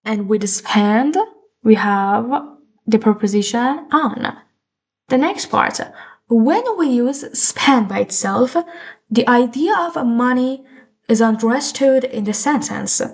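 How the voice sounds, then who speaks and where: A woman's voice: on the high side, takes it slowly, breathy edge. A young adult woman teaching an English grammar lesson online, patiently explaining words with repeated examples.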